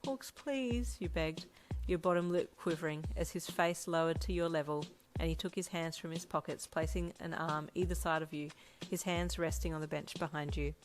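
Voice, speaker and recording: A woman's voice: low voice, level tone, moderate pace, hardly any pauses, low-quality recording. Woman narrating a fanfic in second person. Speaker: audiobook narrator. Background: faint music.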